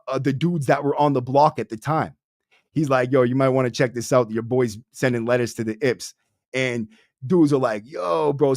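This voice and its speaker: Telling a story to his livestream viewers, this young podcast host keeps it casual, streetwise and profane, saying "bro" constantly. His voice sits in the mid range, captured in clean studio sound without any room echo.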